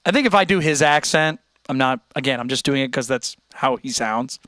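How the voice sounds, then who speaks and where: A man's voice: mid-range voice, brisk, no echo. A young American man hosting a live stream, chatting casually and answering his chat. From United States. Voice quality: animated, chatty, talks straight to chat.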